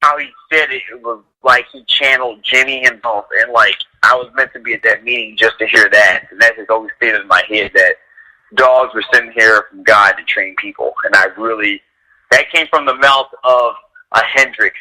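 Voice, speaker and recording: A man with a very bright, sharp-edged voice holds forth as a radio guest. He tells animated anecdotes in a loose, chatty way, with "like" thrown in constantly. His pitch sits in an ordinary middle range. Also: fairly quick, low-quality recording. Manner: animated storyteller, heavy use of "like", acts out quotes in a higher voice. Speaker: guest, dog trainer. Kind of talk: casual radio chat, storytelling.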